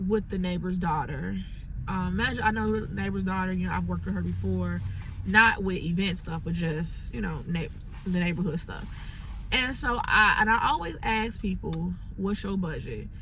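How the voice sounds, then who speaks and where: A woman's voice: medium pitch, expressive, normal speed, fairly bright tone, a little hiss or hum, rough recording. A woman from Chicago venting frustrated, rambling thoughts into her phone from inside a parked car, full of "like" fillers. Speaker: entrepreneur vlogger. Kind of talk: unscripted venting monologue.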